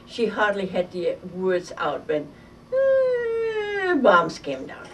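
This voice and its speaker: An older woman from Germany telling a vivid, halting story from her childhood in an oral history interview. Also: lowish voice. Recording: distant mic with faint noise.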